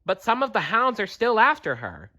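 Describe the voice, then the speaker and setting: A man voicing a sharp-eyed female kestrel who calls with shrill bird cries. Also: wildly swooping pitch, normal speed, muffled recording, exaggerated voice. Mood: alarmed. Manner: shrill bird cries, then a low quiet report.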